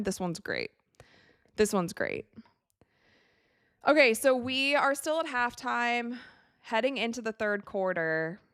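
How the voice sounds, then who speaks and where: A woman's voice: mid-range voice, a bit bright, smooth, no room sound, studio quality. A woman hosting a casual live-stream watch party from her home set, chatting, reading out viewer comments and laughing often.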